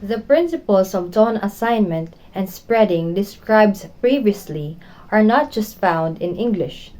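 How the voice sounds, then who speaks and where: Young woman, student reporter: slow, careful reading of a prepared text, mellow tone. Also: mid-range voice, poor audio. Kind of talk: reading a class report aloud.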